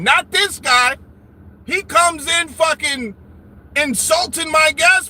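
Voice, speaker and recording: A man hosting a live stream from his car, ranting loudly with constant swearing and jokes. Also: very high-pitched, takes it slowly. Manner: loud, swearing, joking rants with bursts of laughter. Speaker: livestream host. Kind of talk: profane live-stream rant. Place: sitting alone in his car.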